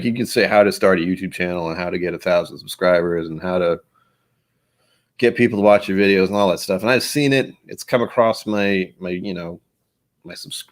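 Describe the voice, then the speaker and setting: A man hosting a casual whiskey-tasting livestream, rambling and self-deprecating as he thinks aloud. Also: deep voice. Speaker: whiskey channel host.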